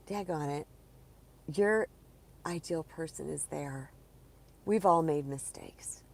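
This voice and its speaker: A woman's voice: sits low, mellow. A woman speaking as a spiritual coach, giving an earnest, encouraging talk to viewers of a live stream in a conversational way.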